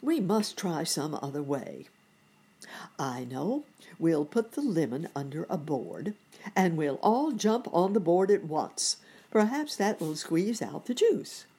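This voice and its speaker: A woman voicing a kind, polite old gentleman rabbit in a children's storybook. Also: deep voice, very animated, takes it slowly, slightly rough, heavily acted. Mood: eager.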